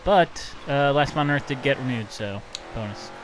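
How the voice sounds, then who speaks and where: A man's voice: mid-range voice, moderate pace, over music, low-quality recording. A man co-hosting a casual gaming chat, reading out viewer comments and talking loosely with plenty of fillers. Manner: chatty, loose, filler-heavy.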